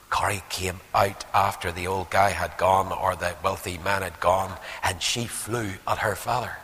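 A man's voice: deep voice, a little slow, hardly any pauses, big-room sound. A man preaching a sermon, telling stories and firing rhetorical questions at the congregation. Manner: animated storytelling with rhetorical questions.

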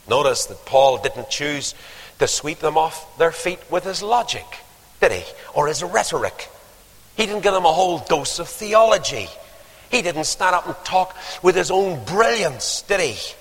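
A man's voice: fairly high pitch, big pitch swings, a little slow, breathy edge. An older man preaching a sermon, telling stories and building to emphatic calls to action. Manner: storytelling, rising to emphatic exhortation. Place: church. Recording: long hall reverb.

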